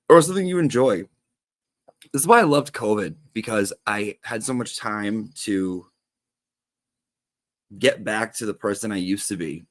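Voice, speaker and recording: A man's voice: fairly low pitch, no echo. A man in a comedic teacher persona, telling chatty, gossipy stories in a theatrical way and swearing casually. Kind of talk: gossipy livestream monologue.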